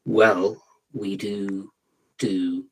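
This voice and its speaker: A man's voice: fairly low pitch, level tone, drawn-out words, poor audio. A British man chatting on a video call as a guest podcaster, joking and self-deprecating. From Britain. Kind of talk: casual video call chat.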